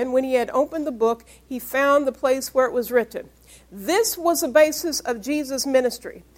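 A woman pastor preaching a Bible-study sermon. She reads scripture aloud and asks her congregation questions to prompt their answers. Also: sits high. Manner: emphatic, call-and-response questions.

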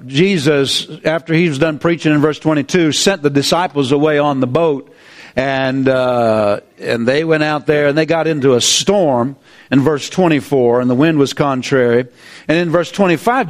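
A man preaching a sermon in an animated, folksy way, with laughing asides. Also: on the high side.

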